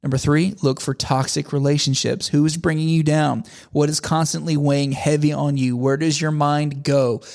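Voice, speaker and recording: A man's voice: fairly high pitch, little pitch movement, normal speed, gravelly, hardly any pauses, darkish tone. A man in his thirties preaching in a conversational, earnest way, often repeating phrases for emphasis. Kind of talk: sermon.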